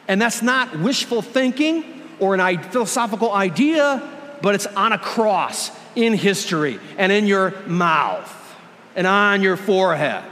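A pastor preaching a sermon, earnest and emphatic, drawing out key words slowly for effect. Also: male voice, high voice, a bit bright, in a large hall. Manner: earnest and emphatic, with dramatic slowdowns. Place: church.

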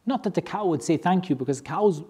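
Religious teacher, animated storyteller, mid-pitched, joking, lively rhetorical questions. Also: brisk, slightly rough. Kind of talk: storytelling lesson to a class.

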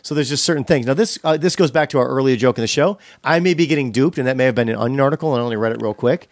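A man's voice: medium pitch, very fast, no echo, clean studio sound. A man co-hosting a podcast, telling rambling stories in casual chat, with many restarts. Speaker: podcast co-host.

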